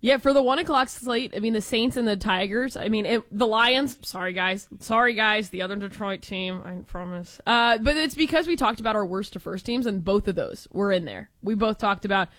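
A woman from Texas co-hosting a sports talk show, animated and emphatic, with playful jokes. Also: medium pitch, fairly quick, few pauses. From Texas, United States. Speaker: sports radio co-host.

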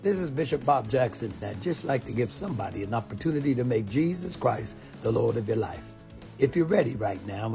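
A bishop leading a prayer in slow, measured phrases for listeners to repeat. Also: male voice, mid-range voice, animated, darkish tone, soft background music.

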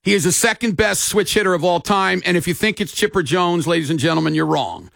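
High, gravelly man on sports radio. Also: fairly quick, a bit bright, no room sound, clean studio sound. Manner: storytelling, folksy and emphatic. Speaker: radio show host.

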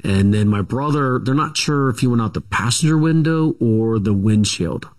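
A man's voice: medium pitch, lively intonation, normal speed. A middle-aged man, a guest author in an interview, recounts his family history casually, with many fillers, restarts and self-corrections.

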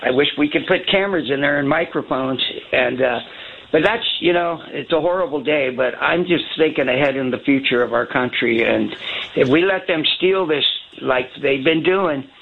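A man's voice: medium pitch, moderate pace, vocal fry, husky. A male caller from California, talking in a rambling, earnest way on a phone-in show. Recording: tinny phone line.

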